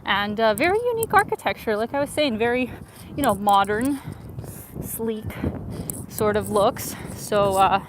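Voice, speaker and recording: A woman's voice: medium pitch, slow, pauses often. A woman from Ukraine, a travel vlogger, chatting upbeat on a walking live-stream while reading out viewer messages. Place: outdoors in a winter city, on a footbridge. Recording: outdoor phone stream with clear street noise. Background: street ambience, passers-by, accordion player.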